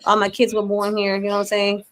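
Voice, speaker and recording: Chatty fast-talking woman host. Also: medium pitch, monotone, fairly bright tone. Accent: mixed Southern and New York. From Buffalo, New York. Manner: chatty, loose rambling with many "you know what I mean". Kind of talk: casual chat.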